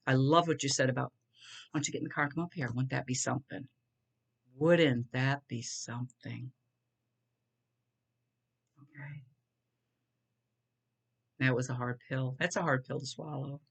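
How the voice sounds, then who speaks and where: A woman's voice: sits low, fairly bright tone. A middle-aged woman with a lilt talks straight to her viewers in a loose, earnest monologue. She wanders between thoughts, circles back, and leans on little check-ins as she goes. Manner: earnest, rambling, addresses viewers as y'all. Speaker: vlogger. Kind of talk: casual talking-head monologue.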